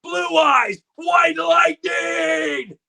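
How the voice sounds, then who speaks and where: A man voicing an arrogant young male rival duelist, shouting haughty commands in a high, strained voice. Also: fairly even intonation, extremely slow, creaky, exaggerated voice. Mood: furious.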